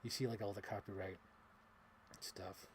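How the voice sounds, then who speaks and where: A man's voice: on the low side, fairly even intonation, moderate pace, a little hiss or hum. A man chatting casually while unboxing toys on a livestream, tired and laughing, swearing now and then. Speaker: toy collector streamer.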